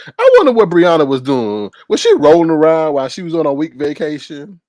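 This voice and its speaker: A man hosting a casual live-stream commentary, animated and laughing, with exaggerated high-pitched repeats of words. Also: a little fast, no room sound. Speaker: commentary channel host.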